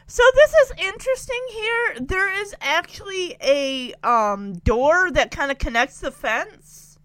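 A woman's voice: very high voice, sing-song, slow pace, fairly bright tone, dry recording, rough recording. A woman casually commenting as she follows a story, chatty and giggly. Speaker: vlogger.

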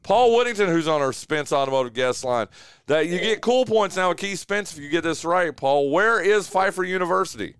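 A man's voice: high voice, lively intonation, brisk, a bit bright, clear, resonant tone, dry recording. A man hosting a casual sports radio show from a studio, chatty and full of fillers, often saying "dude.". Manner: chatty, filler-heavy, says "dude" a lot. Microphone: studio mic.

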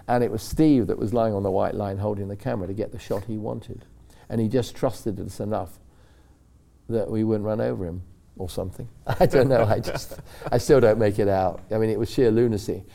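An older man on a talk-show stage tells a meandering story about his racing days. His voice sits low and sounds warm and relaxed. He keeps correcting himself mid-sentence and briefly puts on the voices of the people he quotes. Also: brisk, creaky. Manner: rambling and self-correcting, acts out quoted voices. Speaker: racing driver guest. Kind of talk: anecdotal storytelling.

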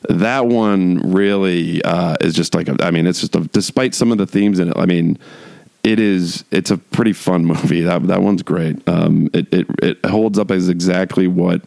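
Podcast host type: deep, gravelly male voice, dry close sound, loose and rambling with wry asides. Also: steady tone, normal speed, darkish tone, no room sound. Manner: rambling, heavy use of "like", frequent restarts. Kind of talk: casual monologue chat.

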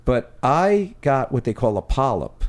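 A man's voice: mid-range voice, big pitch swings, a little slow. A man telling a story animatedly while chatting as a guest on a podcast recorded at home. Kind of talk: casual chat.

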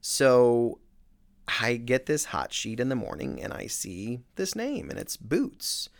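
Man, gravelly voice, mid pitch, casual self-mocking storytelling, middle-aged. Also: takes it slowly. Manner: animated, self-mocking, with many fillers and restarts. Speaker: real estate agent.

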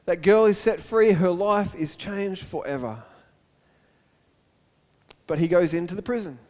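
Male preacher, high voice, animated storytelling, echoey hall. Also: measured pace. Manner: storytelling, animated, repeats words. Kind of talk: sermon.

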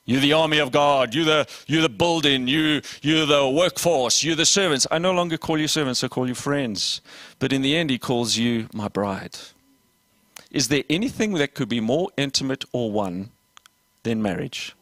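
A man preaching a lively sermon as pastor, voicing little dialogues and asking the congregation questions. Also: mid-range voice, moderate pace, dry recording. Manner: animated preaching with acted dialogue and audience questions.

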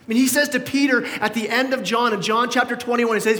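A male pastor with a fairly high voice delivers a lively sermon. He acts out the people he quotes with mounting emphasis. His voice rings with the long reverb of a church sanctuary. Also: fast talker.

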